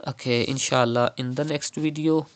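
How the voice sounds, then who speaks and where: A man teaching recitation step by step, in a smooth, clean-toned voice at an ordinary mid pitch. He explains patiently and draws words out slowly to demonstrate each sound. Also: fairly even intonation.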